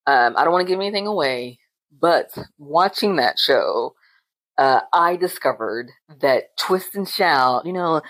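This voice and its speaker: A woman's voice: low voice, animated, unhurried, no echo, rough recording. A woman in her forties co-hosting a podcast, chatting casually, laughing often and acting out quotes. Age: 40s. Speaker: podcast co-host. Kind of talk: casual chat.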